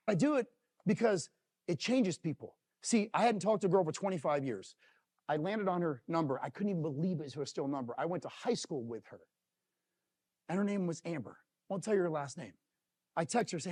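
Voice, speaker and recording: A middle-aged man giving a live motivational talk to a company audience, telling emotional stories and swinging from loud to hushed. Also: on the high side, animated, brisk, slightly rough. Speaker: motivational speaker.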